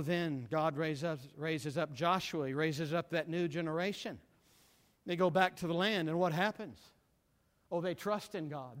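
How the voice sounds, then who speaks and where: A man preaching a sermon with passion, repeating words for emphasis and swinging from loud declarations to hushed single words. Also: on the high side. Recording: long reverb of a large hall.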